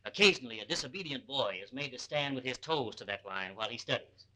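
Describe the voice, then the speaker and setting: Man, evasive reform school official, 1930s film, bright voice, bland reassuring tone. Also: medium pitch, expressive, fast talker, rough recording. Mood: smooth.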